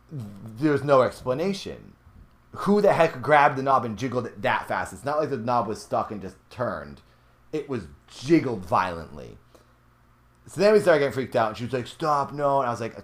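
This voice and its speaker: A young man casually telling a true ghost story from his youth, animated and rising in pitch when the story turns tense. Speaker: podcast host.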